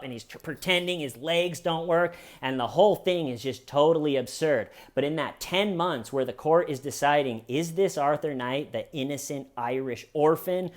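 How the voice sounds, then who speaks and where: A man hosting a comedy true crime show, telling a story in a mocking, animated way. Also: on the high side. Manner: mocking, animated, puts on silly voices in quotes.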